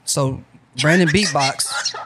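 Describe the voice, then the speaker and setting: A woman co-hosting a podcast, asking skeptical questions in a casual, expressive way. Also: low voice, takes it slowly, a loud crowd. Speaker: podcast co-host. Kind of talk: casual chat.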